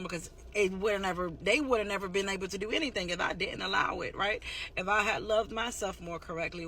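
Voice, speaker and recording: A woman's voice: fairly low pitch, bright, forceful tone, a little hiss or hum. A woman giving a candid, heartfelt personal faith testimony in a casual, rambling way. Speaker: testimony speaker.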